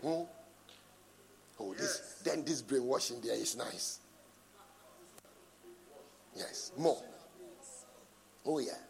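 A middle-aged man preaching a sermon and reading scripture, emphatic, swinging from soft asides to shouts, prompting the congregation to answer. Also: medium pitch, very slow, gravelly, long pauses. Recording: long reverb in a large hall.

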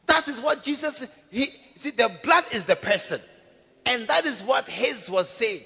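A man preaches an emphatic sermon, peppering the congregation with questions. His voice sits very high and rings bright and piercing, with a long reverb trailing behind it in a church hall. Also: very animated, normal speed, vocal fry, slightly rough.

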